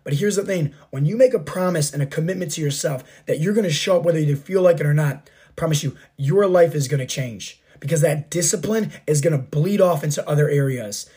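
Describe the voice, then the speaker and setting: A man in his thirties with a hoarse, sore throat hosting a motivational fitness podcast, talking emphatically and asking rhetorical questions. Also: a little high, a little fast, warm tone. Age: 30s. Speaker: podcast host and fitness coach.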